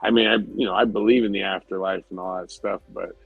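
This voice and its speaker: A man's voice: low-pitched, steady tone, quick pace, creaky, slightly rough, no echo, narrow, tinny audio, soft background music. A man co-hosting a podcast, telling a story in casual, rambling chat, swearing freely and laughing often. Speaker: podcast co-host.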